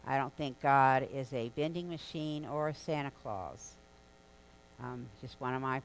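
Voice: mid-range voice, a little hiss or hum, rough recording. A preacher giving a sermon in a church, in a conversational, storytelling delivery with casual asides. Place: church sanctuary.

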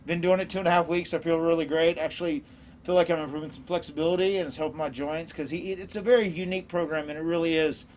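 A man's voice: fairly high pitch, steady tone, fast, a little mellow, slight background noise. A man in his forties, a guest on a live online auction show, telling stories in an easygoing way and laughing often. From American South. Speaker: guest wrestler. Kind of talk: casual chat.

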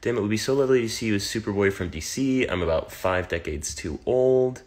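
A man's voice: lowish voice, a little fast, darkish tone. A man with an American accent, reading fan comments aloud on a phone livestream and answering them in a wry, teasing way. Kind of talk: casual livestream Q&A.

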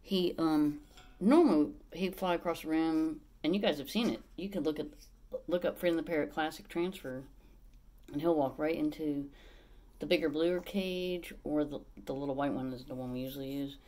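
A woman at home vlogging about her parrot, switching between plain talk to the camera and high, sing-song baby talk to the bird. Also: moderate pace, mellow. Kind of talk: casual vlog talking to camera and her pet.

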